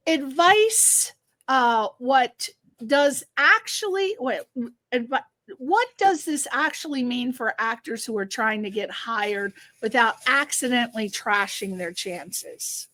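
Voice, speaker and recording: High-voiced chatty woman host. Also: a bit bright, dry recording. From Connecticut. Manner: chatty, enthusiastic, laughing often. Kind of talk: live show interview.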